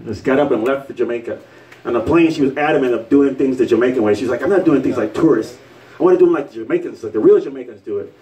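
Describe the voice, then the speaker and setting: A man's voice: mid-range voice, quick pace, mellow, distant mic, a little hiss or hum, poor audio. A man from Puerto Rico doing live stand-up comedy in a bar, rambling loosely and acting out quotes. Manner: loose, rambling delivery with fillers and acted-out quotes. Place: bar stage with a live audience.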